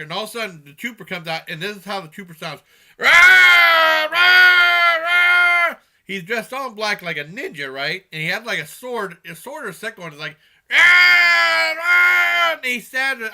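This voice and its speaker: A man's voice: a little high, bright, forceful tone. A man giving a casual spoken movie review, rambling with many fillers and restarts.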